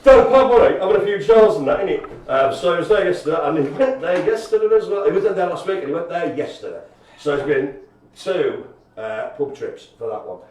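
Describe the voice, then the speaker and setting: A man's voice: fairly high pitch, expressive, fairly quick, darkish tone, a little hiss or hum. A chatty, jokey man, co-hosting a casual live stream and telling stories with animation. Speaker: co-host. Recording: echoey room, far from mic.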